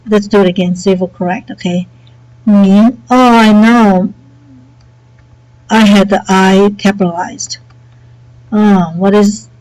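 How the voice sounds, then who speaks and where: A woman teacher with a headset mic walks students through software setup in a relaxed, chatty way, saying okay often. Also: mid-range voice, poor audio. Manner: relaxed and chatty, many okays and fillers. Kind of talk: screen-recorded software tutorial.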